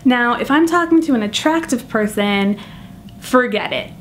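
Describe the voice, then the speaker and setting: A young woman with a slightly high voice tells stories about her own awkward moments for a comic vlog. She talks in an animated, self-mocking way, playing up her embarrassment for laughs. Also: normal speed, slight background noise. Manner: self-deprecating, animated storytelling. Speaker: vlogger. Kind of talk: comedic vlog monologue.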